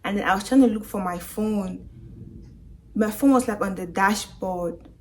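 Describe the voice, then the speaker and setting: A young woman tells her own story straight to her viewers as a storytime testimony. She is shaken and emotional, her pitch sitting in a middle range. She slips into other people's voices as she recounts what they said. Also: normal speed. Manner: emotional retelling, acting out quoted voices. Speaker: vlogger.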